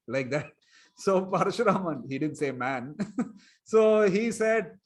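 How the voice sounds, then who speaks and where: A man's voice: high-pitched, expressive, measured pace. A man telling a story to children in an online class, chuckling and quizzing them. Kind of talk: storytelling lesson for kids online.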